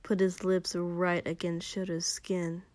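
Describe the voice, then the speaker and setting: A woman reading fan fiction aloud in a slow, unhurried way. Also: on the low side, no echo. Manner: slow, even, unhurried narration. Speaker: reader.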